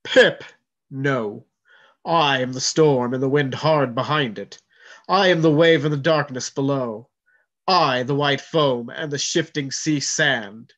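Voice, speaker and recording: A man doing a booming ancient sea spirit. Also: fairly even intonation, close to an everyday voice. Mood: solemn commanding. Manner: slow, booming, solemn. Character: ancient commanding sea spirit speaking through a boy.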